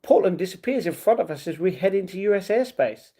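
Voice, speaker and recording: Brief: male streamer reading aloud, casual and stumbling, mellow tone. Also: high-pitched, animated, fast, creaky, breathy edge. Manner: stumbling reading with laughing asides. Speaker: livestream host. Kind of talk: reading a novel aloud on a livestream.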